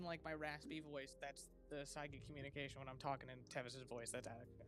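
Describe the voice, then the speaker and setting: A man playing in a tabletop game session, explaining rules with halting pauses. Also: medium pitch, flat delivery, fairly bright tone, faint music behind. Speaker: player.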